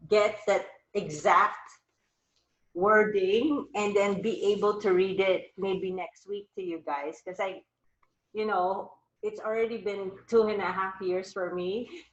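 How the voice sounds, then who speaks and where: Slow-talking chatty woman in an echoey room. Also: medium pitch, fairly even intonation, highs cut off. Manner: chatty, rambling, upbeat. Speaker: host of a live wellness chat. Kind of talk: casual chat. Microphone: video call.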